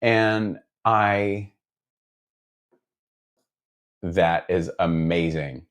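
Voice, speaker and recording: Low-voiced man rambling in his workshop. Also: expressive, unhurried. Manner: rambling, self-deprecating, lots of fillers and restarts. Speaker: guitar builder. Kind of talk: casual chat while working. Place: guitar workshop.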